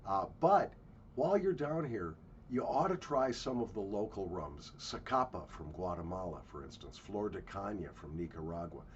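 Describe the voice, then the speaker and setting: A man's voice: low voice, lively intonation, moderate pace. A man telling travel stories in a blunt, profane ranting monologue while walking outdoors. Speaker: travel vlogger. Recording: muffled with faint ambient noise.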